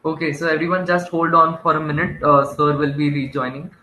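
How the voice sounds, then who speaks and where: A man hosts an online session over a video call, speaking politely with frequent fillers. His voice is bright and forceful, and his intonation stays fairly flat. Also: on the high side, fairly quick, a little hiss or hum, rough recording. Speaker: webinar moderator. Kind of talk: introducing a speaker and filling time on a webinar.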